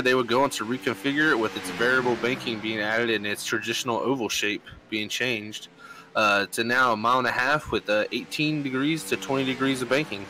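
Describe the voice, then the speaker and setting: A man's voice: mid-range voice, bright, forceful tone, poor audio. A man co-announcing a racing broadcast, giving track facts in a filler-heavy, informative way. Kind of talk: race commentary and track facts. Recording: faint background noise.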